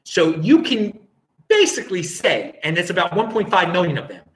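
A man's voice: high voice, sing-song, moderate pace, echoey room, rough recording. A man hosting a casual live-streamed show, rambling and chatty as he reads out viewer comments. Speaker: show host.

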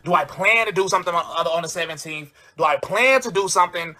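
Man, bright sharp high voice, aggrieved livestream rant. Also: quick pace. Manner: indignant, complaining, thanks donors. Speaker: rapper speaking on a livestream.

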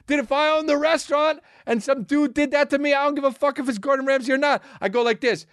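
A man telling a comedic story in an excitable, profane rant that is heavy on "dude". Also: very high voice, fast, hardly any pauses, no room sound, clean studio sound.

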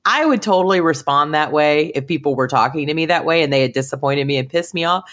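This woman co-hosts a casual movie review podcast, speaking animatedly and performing lines from the film in jumpy voices. Her voice sits low and her pace is quick.

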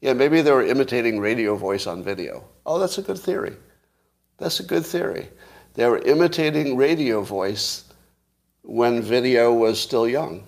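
Musing male commentator thinking out loud. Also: mid-range voice, moderate pace, gravelly. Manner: musing aloud, asking rhetorical questions, chuckling. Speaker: show host commentator. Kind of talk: casual solo commentary.

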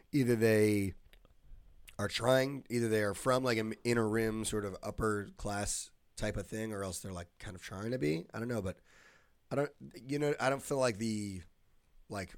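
A man's voice: on the low side, moderate pace, no room sound. A man co-hosting a podcast, chatting casually and explaining things with many fillers. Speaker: podcast co-host. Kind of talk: casual chat.

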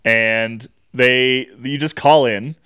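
A man's voice: mid-range voice, steady tone, takes it slowly, pushed and bright, smooth, dry recording, clean studio sound. A man from the Boston area co-hosting a bike podcast in casual, joking chat. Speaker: podcast co-host.

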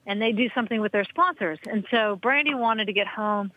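A woman guest on a podcast, telling lively stories in casual chat and acting out the quotes. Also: fairly quick, highs cut off. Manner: animated, acts out quotes with big pitch jumps. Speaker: podcast guest, former soccer player.

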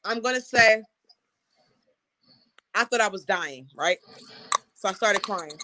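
A woman hosting a casual talk show, telling a personal story in a frank, animated way with laughs. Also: medium pitch, takes it slowly, pauses often, a little hiss or hum. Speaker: host.

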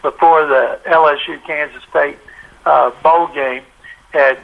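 An older sportswriter tells a long anecdote, acting out every quote. His voice sits a bit high for a man and is deeply gravelly. The audio sounds muffled and lo-fi. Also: fairly even intonation, unhurried. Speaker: sportswriter guest. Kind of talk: storytelling in a podcast interview.

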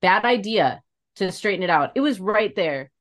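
A woman's voice: mid-range voice, animated, normal speed. A young woman co-hosting a podcast, telling a rambling story in casual chat and swearing freely. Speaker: podcast co-host.

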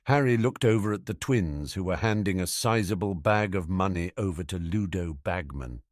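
A man's voice: low voice, normal speed, dry recording, clean studio sound. A man reading a fan fiction story aloud as audiobook narration. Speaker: audiobook reader.

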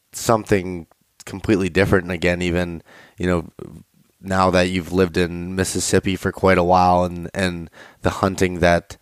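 A man's voice: low-pitched, smooth, no echo, clean studio sound. A man from Pennsylvania hosting a casual interview, asking questions in a hesitant way.

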